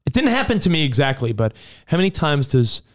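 A man co-hosting a casual podcast, his voice sitting a little higher than most men's. He chats loosely and jokes around. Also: very animated, brisk. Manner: jokey, riffs with silly put-on voices. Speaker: podcast co-host.

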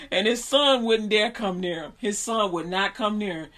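A woman preaching in an informal storytelling style, animated, laughing often and repeating her phrases. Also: medium pitch, a little slow.

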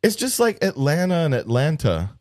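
A man's voice: on the high side, huge pitch swings, moderate pace, a little mellow. A man with a Southern US accent, co-hosting a casual podcast chat, drawling, swearing freely and defending his folksy pronunciation. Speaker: podcast co-host.

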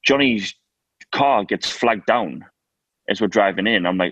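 Man, low voice, dry close sound, lively anecdotal co-host. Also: a little slow, pauses often, no room sound, dull audio. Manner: lively anecdotal storyteller, laughs often. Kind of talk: casual chat.

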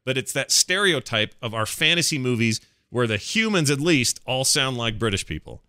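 Bright, crisp-voiced enthusiastic podcast host. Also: male voice, medium pitch, big pitch swings, normal speed, dry recording, clean studio sound. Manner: enthusiastic, joking, rambling. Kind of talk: casual gaming podcast chat.

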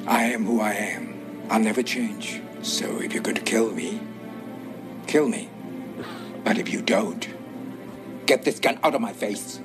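A man playing a blunt action-movie villain, speaking flat, stubborn lines in a lowish voice. Film score music plays clearly behind him. Every line lands as a refusal to back down. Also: a little slow, long pauses, lightly acted. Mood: defiant. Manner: flat, stubborn delivery in short declarations. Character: blunt adult male movie villain, defiant.

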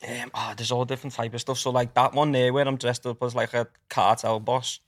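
A man's voice: medium pitch, flat delivery, fairly quick, no echo. A man with a mid-range voice talks casually as a podcast guest, rambling and filling gaps with "like" and "um." His voice is recorded dry and close. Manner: rambling, lots of "like" and "um". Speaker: podcast guest, video creator. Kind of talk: casual chat.

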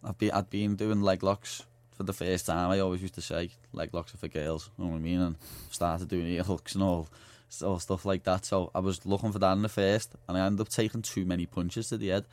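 A young man with a broad Liverpool accent tells stories in a casual studio chat, rambling and loose, full of slang and filler phrases. His voice sits fairly low, and the studio sound is dry and close. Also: level tone, a little fast, hardly any pauses, a little mellow, dry recording. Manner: chatty storytelling with slang and fillers. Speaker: guest fighter. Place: radio studio.

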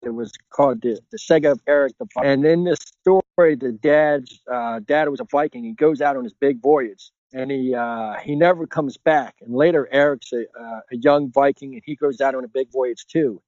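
A middle-aged man talks in a loose, earnest way, circling his points with lots of filler words. His voice sits at an ordinary pitch. The recording is dry and a bit dull. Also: moderate pace, hardly any pauses, a little mellow, dry recording. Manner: rambling, heavy on filler phrases, earnest. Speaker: podcast guest. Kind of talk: casual conversational interview.

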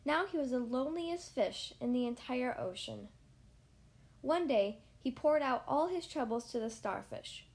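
A woman hosting a podcast, reading a children's picture book aloud with a lively, expressive delivery. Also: high-pitched, a little slow. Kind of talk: storybook read-aloud.

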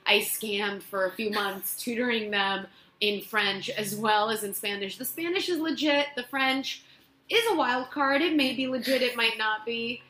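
Bright-voiced woman telling stories in a roomy apartment. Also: on the high side, moderate pace. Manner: chatty, self-mocking, many fillers. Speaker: actress, interview guest. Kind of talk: casual storytelling interview. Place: her own apartment living room.

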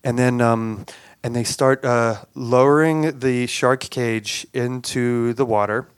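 A man telling a personal story aloud, halting and repeating words, with animated sound effects. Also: medium pitch, smooth, no room sound.

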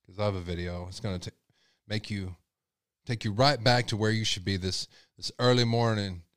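A low-pitched man hosts a true-crime podcast with a sarcastic, restless edge. He talks straight to his listeners, jumping from point to point. The sound is dry and close, with no room around him. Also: moderate pace, a bit bright, dry recording. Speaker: podcast host. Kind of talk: casual true-crime commentary.

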